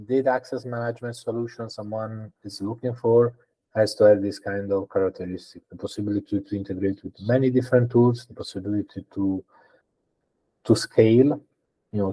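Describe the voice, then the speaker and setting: Mellow-voiced man thinking aloud. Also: fairly low pitch, poor audio. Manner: thinks aloud with frequent fillers and restarts; conversational and explanatory. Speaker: guest data engineer. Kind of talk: podcast interview.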